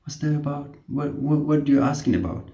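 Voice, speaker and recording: A man's voice: fairly high pitch, steady tone, fairly quick, creaky, warm tone, voice pushed up. A man voicing a friendly male patient who keeps asking questions, speaking in a raised voice. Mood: baffled. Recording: roomy echo.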